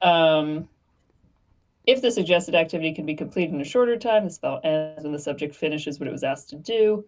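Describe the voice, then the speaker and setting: A young woman playing a tabletop role-playing game, reading rules quickly with hesitant fillers. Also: sits low, animated, darkish tone. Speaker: player.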